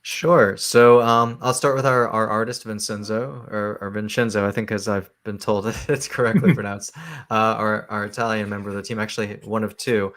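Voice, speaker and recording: A man's voice: on the low side, moderate pace, fairly bright tone. A man, a comic book writer, talking about his work in an interview, with many fillers and restarts. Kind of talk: casual interview talk.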